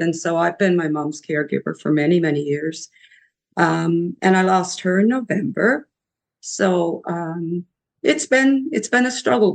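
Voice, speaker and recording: A woman, a podcast guest telling her recovery story in a reflective, halting way. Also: on the low side, gravelly, darkish tone.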